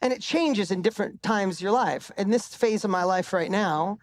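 A man's voice: high-pitched, normal speed. Middle-aged guy on a stage mic, punchy motivational storytelling, swears for emphasis. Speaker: motivational speaker. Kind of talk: live motivational stage talk. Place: live event stage.

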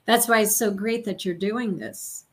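A middle-aged woman, a guest in an interview, speaking earnestly and haltingly as she searches for words. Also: medium pitch. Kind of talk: conversational interview.

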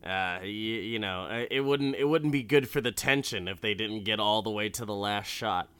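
A man's voice: fairly low pitch, moderate pace, fairly bright tone, smooth, no room sound. A man casually recapping a film in a rambling, profane way with many restarts.

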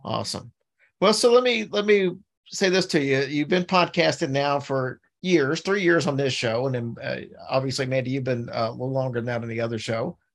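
A man hosting a casual podcast interview, relaxed and chatty. He rambles a bit as he sets up his questions, in an ordinary mid-pitched voice. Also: brisk, vocal fry. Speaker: podcast host.

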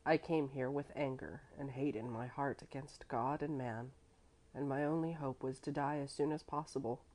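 A grave, remorseful baron speaks low and quietly, read by a woman. His voice sits deep and subdued, heavy with shame. A storybook voice, not a stage performance. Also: normal speed. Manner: quiet, somber, lowered voice.

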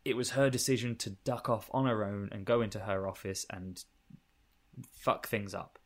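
A man's voice: fairly low pitch, normal speed. Man laughing through a casual film recap. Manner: swears freely, laughs often, rambling recap. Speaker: podcast co-host.

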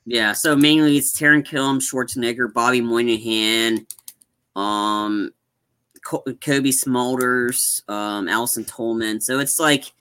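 A man on a live-streamed podcast, talking casually and rambling about movies, acting out scenes with excitement. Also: medium pitch, a little slow, clean tone. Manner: rambling, animated, acts out movie lines. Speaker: podcast co-host.

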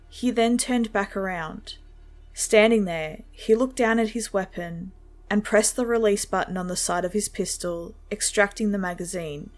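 A woman narrating a first-person horror story in a steady, measured storytelling way. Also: mid-range voice.

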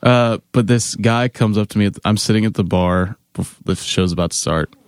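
A man in a band telling animated, laughing tour anecdotes in casual chat, mimicking other people's voices. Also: fairly low pitch, fairly quick, clear, resonant tone, no room sound, studio quality. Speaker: band member guest.

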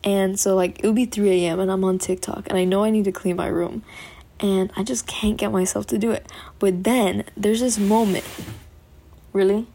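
A woman's voice: mid-range voice, fairly even intonation, moderate pace, mellow, slightly rough. A young woman vlogging at home in a rambling, chatty way, often laughing as she talks. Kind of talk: casual chat to camera. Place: bedroom at home.

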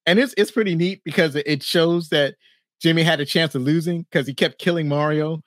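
A man's voice: on the high side, a little fast, a bit bright, dry recording. Brief: male podcast host, rambling plot recap, close dry sound. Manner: rambling plot recap with frequent laughs and "right, right". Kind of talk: casual movie review chat.

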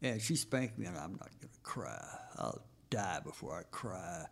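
A man's voice: low-pitched, very animated, normal speed, creaky, husky. An older man, the host's father, telling stories of his childhood emphatically in a casual family conversation. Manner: emphatic storyteller.

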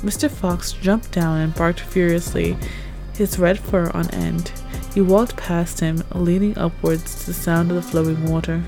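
A woman narrating a tense second-person audio story in a measured way. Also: fairly low pitch, fairly even intonation, gravelly, dark tone, low-quality recording. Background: music.

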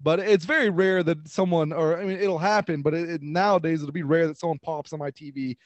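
Rambling, laughing man, slightly high voice. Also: steady tone, brisk, no room sound, muffled recording. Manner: rambling, laughs often, restarts. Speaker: podcast co-host. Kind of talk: casual chat.

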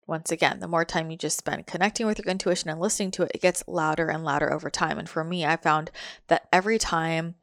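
A woman's voice: low-pitched, fairly even intonation, quick pace, fairly bright tone, no echo, studio quality. A woman giving a casual, reflective motivational monologue, full of fillers like "like" and repeated phrases.

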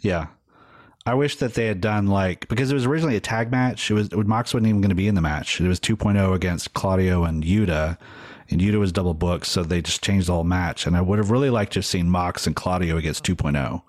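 Deep-voiced man chatting casually. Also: quick pace, no echo, studio quality. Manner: relaxed, rambling, hedging with fillers. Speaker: podcast co-host. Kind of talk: casual wrestling chat.

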